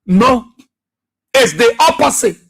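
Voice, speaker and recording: Guy on talk radio, high husky voice, preachy and repeats himself a lot. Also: sing-song, slow, fairly bright tone. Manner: emphatic and repetitive, preachy. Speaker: radio talk show host. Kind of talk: political radio commentary.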